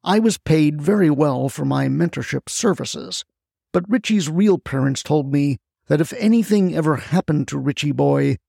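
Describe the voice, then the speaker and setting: A desperate older man, put on by a gravelly narrator, pitched up and drawn out, agitated and profane. His talk lands in a dry, close space with a rough fry underneath. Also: lively intonation, moderate pace, mellow, dry recording. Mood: grim, weary.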